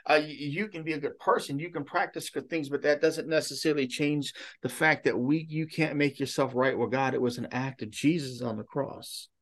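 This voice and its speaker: Casual, higher-voiced male pastor preaching. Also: fairly even intonation, brisk, hardly any pauses. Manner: casual, rhetorical questions, frequent restarts. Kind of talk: conversational sermon.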